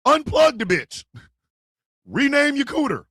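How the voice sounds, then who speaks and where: Loud, profane, very high-pitched male host. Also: huge pitch swings, measured pace, no room sound, studio quality. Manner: loud, profane, often shouting. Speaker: radio show host. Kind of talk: comedic advice chat.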